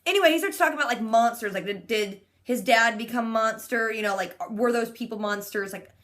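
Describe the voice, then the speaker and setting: Chatty sarcastic young woman, bright pitch. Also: brisk. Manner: sarcastic, chatty, heavy use of "like". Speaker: vlogger. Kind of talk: casual TV episode recap.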